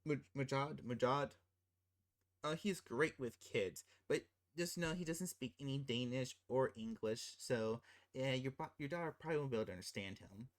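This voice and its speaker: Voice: mid-range voice, normal speed. A channel host ranting casually about a film, incredulous and exasperated, rambling with restarts.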